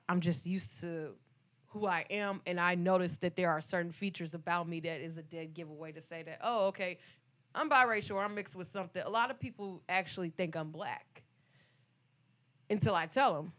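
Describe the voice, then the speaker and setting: Chatty young woman from Detroit. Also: fairly low pitch. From Detroit, USA. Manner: animated, teasing, chatty. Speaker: podcast co-host. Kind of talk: casual chat.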